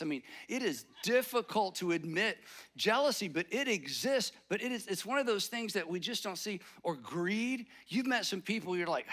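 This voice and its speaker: A man delivers a sermon in an easy, conversational way. His voice sits high and rings bright and forceful. He slips into quick acted lines of everyday inner talk. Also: lively intonation. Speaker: pastor.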